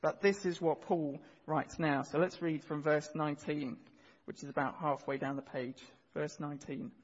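A man's voice: fairly high pitch, fairly even intonation, normal speed, in a large hall, lo-fi sound. A male pastor preaching a sermon to his church, painting vivid scenes and guiding the congregation through the reading. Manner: earnest, vivid storytelling, leads the congregation in reading.

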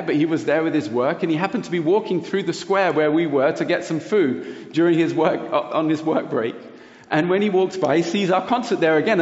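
A man preaching a sermon, telling a personal story in an earnest, lively way. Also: fairly high pitch. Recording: roomy hall reverb, dull lo-fi sound.

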